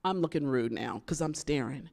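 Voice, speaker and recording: A woman's voice: sits low, normal speed, gravelly. A woman poet, telling a story to a live audience in a university theater and acting out the voices she quotes. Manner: animated, acts out quoted voices. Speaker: visiting poet.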